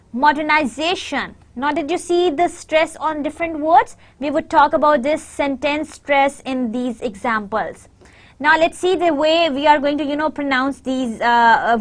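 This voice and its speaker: A woman lecturing on pronunciation, explaining with many fillers and slowly modelling example words. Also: sits high. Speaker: university lecturer. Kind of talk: recorded lecture.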